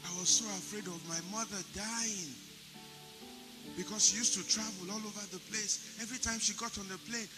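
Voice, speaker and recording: A man's voice: high-pitched, fairly even intonation, normal speed, over music. An older man, preaching a funeral sermon with emphatic repetition. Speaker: pastor.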